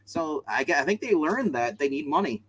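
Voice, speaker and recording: Rambling, jokey man with a lively voice. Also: a little high, moderate pace, slight background noise. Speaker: co-host showing his comics. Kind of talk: casual chat.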